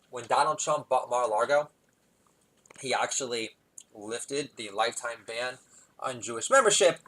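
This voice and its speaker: A New man talks through a loose stand-up monologue at a middling pitch he never loses. He wanders off on tangents, loses his thread, and chuckles at his own punchlines. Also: animated, moderate pace, pushed and bright, low-quality recording. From New York. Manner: rambling, digressive, laughs at own jokes. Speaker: comedy podcast host.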